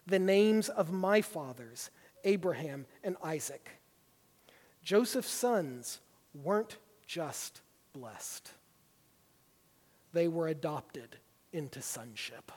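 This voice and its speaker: Man preaching, high-pitched voice, emphatic delivery, long hall reverb. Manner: emphatic, builds to forceful stresses. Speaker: pastor. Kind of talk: sermon.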